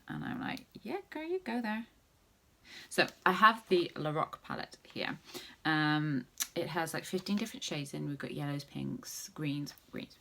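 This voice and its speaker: A woman's voice: deep voice, creaky, sharp tone. A woman vlogger chatting casually through a makeup tutorial, rambling with jokey asides.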